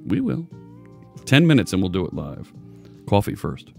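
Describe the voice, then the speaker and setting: A man's voice: low voice, huge pitch swings, normal speed, creaky, faint music behind. A man hosting a casual live coding stream, chatting loosely and joking with viewers as he works. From United States. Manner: rambling, chatty, jokey.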